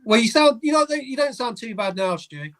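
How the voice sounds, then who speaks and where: A man's voice: very high-pitched, animated, moderate pace, fairly bright tone, slight background noise. A man co-hosting a casual live stream, reassuring his partner and steering the talk to viewer comments. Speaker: stream co-host.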